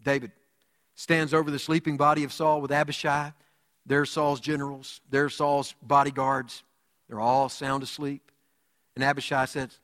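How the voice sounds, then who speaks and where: A man preaching a sermon as pastor, telling stories with big swings from loud to hushed. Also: medium pitch, level tone, moderate pace, in a large hall. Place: church sanctuary.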